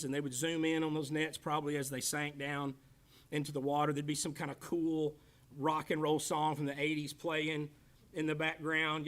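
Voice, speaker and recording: A man in his fifties with a drawl leads a Bible class. His voice sits high for a man. He jokes, teases, and calls on people in the room as he talks. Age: 50s. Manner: joking, animated, teasing the class by name. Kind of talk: casual Bible class teaching.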